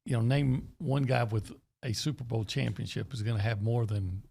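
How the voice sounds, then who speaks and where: A man's voice: medium pitch, steady tone, normal speed, vocal fry, mellow, slightly rough. A man in a casual chat, musing and thinking aloud.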